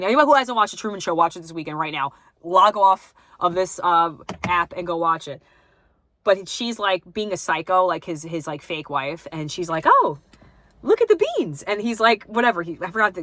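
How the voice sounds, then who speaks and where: A woman's voice: fairly low pitch, fairly bright tone, no echo. Young New woman vlogging, blunt and scattered, dead-dry close mic. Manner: rambling, lots of "like" and restarts; blunt, self-deprecating. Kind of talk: casual vlog monologue.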